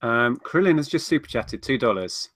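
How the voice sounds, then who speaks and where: A man's voice: mid-range voice, lively intonation, normal speed, fairly bright tone, no echo, studio quality. A man chatting casually on a livestream, rambling through viewer questions. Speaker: co-host of a reselling livestream.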